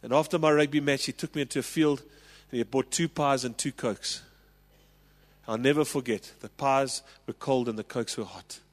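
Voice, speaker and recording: A South African man in his forties preaching a sermon, telling a personal story with passion and rising to loud calls. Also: mid-range voice, fairly even intonation, moderate pace, in a large hall. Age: 40s. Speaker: pastor.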